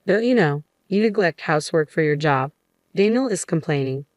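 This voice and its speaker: A woman's voice: sits low, animated, moderate pace, darkish tone, no echo, clean studio sound. A woman voicing a scheming, mocking older mother-in-law in a narrated story. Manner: gloating, mocking.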